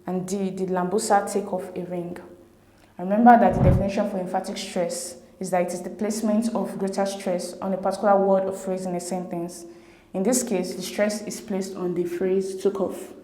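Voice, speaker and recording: A woman explaining exam answers as a tutor, reading each option in a measured, methodical way. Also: medium pitch, dark tone. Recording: roomy echo with faint hiss.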